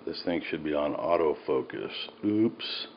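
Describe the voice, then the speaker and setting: A man with a very low voice talks his way casually through a recipe in a home kitchen. He rambles and cracks self-mocking jokes. The sound is a little dull, with a faint hiss behind. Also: lively intonation, a little slow, vocal fry. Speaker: home cook. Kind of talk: casual cooking video.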